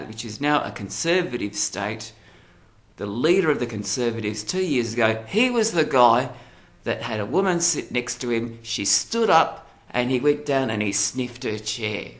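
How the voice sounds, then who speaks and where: A man's voice: medium pitch, fairly bright tone. A middle-aged Australian man ranting angrily into the camera in a video blog, swearing and furious. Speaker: vlogger. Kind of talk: angry video rant.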